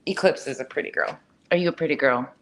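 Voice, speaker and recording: A woman's voice: deep voice, fast, a bit bright, poor audio. A woman chatting casually at home about her cats, blunt and chatty, cursing freely. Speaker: cat owner vlogger. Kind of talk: casual chat to camera. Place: home, indoors.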